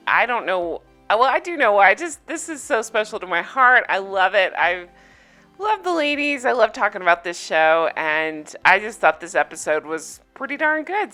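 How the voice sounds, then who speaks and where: A bright, forceful-toned woman chats her way through a casual recap of a reality show. She rambles enthusiastically, full of fillers and asides, with soft music faintly in the background. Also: medium pitch. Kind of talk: casual solo recap chat.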